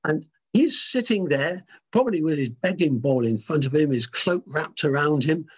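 Man preaching, breathy husky voice, lively swinging pitch, emphatic, restarts. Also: moderate pace. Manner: animated, emphatic, with frequent restarts. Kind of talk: sermon.

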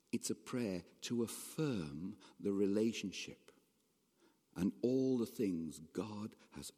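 Brief: male preacher in a church, lively rising and falling delivery, long hall reverb. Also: on the low side. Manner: conversational, animated preaching with rhetorical questions. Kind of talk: sermon.

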